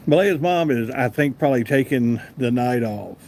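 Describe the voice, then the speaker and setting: A man's voice: mid-range voice, moderate pace, a little mellow, slight background noise. A man with a Southern US accent hosting a casual live stream, chatting easily and answering viewers by name. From American South. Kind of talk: casual live chat reading comments.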